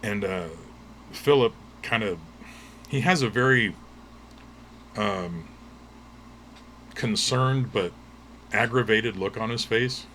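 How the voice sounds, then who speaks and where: A man narrating as game master of a tabletop game in a relaxed, storytelling way. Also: on the low side, slow, long pauses, a little hiss or hum. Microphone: livestream mic.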